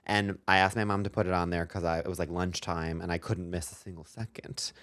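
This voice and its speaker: A man with a low, smooth, resonant voice co-hosts a comedic podcast. He tells a story in a rambling, self-mocking way, full of ums and asides. The close mic sounds dry and intimate. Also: little pitch movement, a little fast, fairly bright tone, no room sound. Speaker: podcast co-host.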